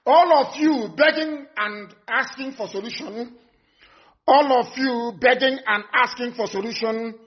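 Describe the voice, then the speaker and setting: A man's voice: very high voice, a little slow. A man, a movement leader, giving a live broadcast address in an emphatic, threatening way, repeating his warnings over and over. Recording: dull lo-fi broadcast audio.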